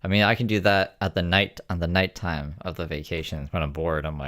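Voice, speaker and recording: Low-voiced male streamer, casual profane commentary, wisecracking. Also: level tone, brisk, fairly bright tone. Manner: joking, profane, chatty asides. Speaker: streamer reacting to clips.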